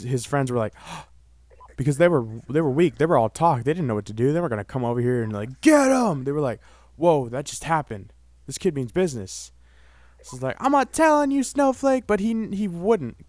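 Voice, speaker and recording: A young man tells a story straight to his viewers in a loose, rambling way, leaning on "like" and "you know". His voice sits at an everyday middle pitch, and his delivery stays casual and chatty. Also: no room sound. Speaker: vlogger.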